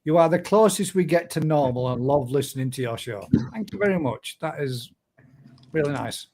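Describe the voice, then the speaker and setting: Chatty Northern English man, fairly high voice. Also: animated, moderate pace, darkish tone. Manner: chatty, laughs often, broad dialect. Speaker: show host. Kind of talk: casual live-stream chat.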